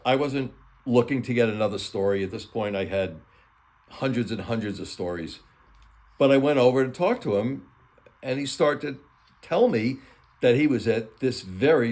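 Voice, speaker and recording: A man's voice: mid-range voice, expressive, moderate pace, darkish tone. A man hosting his channel as an author, reading stories aloud in a plain, earnest way.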